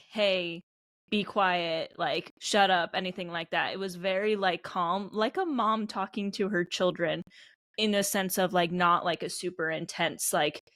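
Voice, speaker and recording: A woman's voice: on the low side, a bit bright, dry recording, clean studio sound. A woman co-hosting an anime podcast, talking casually with lots of "like" and trailing thoughts. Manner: casual, rambling, many "like" fillers. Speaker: podcast co-host.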